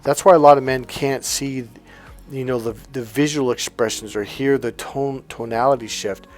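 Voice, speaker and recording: A man talks to his viewers in a loose, slangy way, jumping into little acted-out dialogues as he explains. His voice sits at an ordinary pitch, and soft music plays faintly underneath. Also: steady tone, normal speed. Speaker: relationship coach. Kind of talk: casual monologue to camera.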